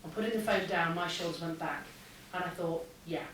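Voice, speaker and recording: A woman, a former air force pilot, giving a lively motivational keynote and acting out the dialogue in her stories. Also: fairly low pitch, brisk. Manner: lively anecdotal, acts out dialogue. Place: large hall with an audience. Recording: echoey hall, distant mic, faint hum.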